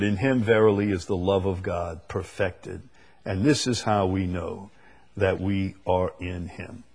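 Low husky-voiced male Bible teacher. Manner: earnest, repeats key phrases, reads scripture slowly; speaks to a live group.

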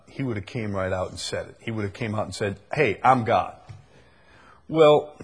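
A man's voice: lowish voice, slightly rough. A man preaching a sermon and reading scripture aloud, earnest and rising to emphasis on the verses.

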